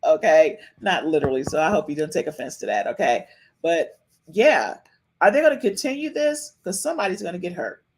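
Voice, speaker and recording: A woman hosting a live-stream podcast in casual chat, animated and sassy, repeating herself often. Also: lowish voice, brisk, husky. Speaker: podcast host.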